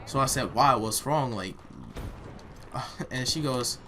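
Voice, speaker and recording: A man's voice: mid-range voice, slow. Profane young man ranting over noise. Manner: blunt, heated and profane. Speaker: vlogger. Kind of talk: casual storytime while gaming. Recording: noisy home recording.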